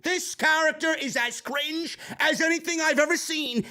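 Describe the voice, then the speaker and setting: A man's voice: very high voice, moderate pace, sharp tone. A man reviewing a wrestling show in an angry, sarcastic rant full of swearing. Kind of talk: profane ranting show review.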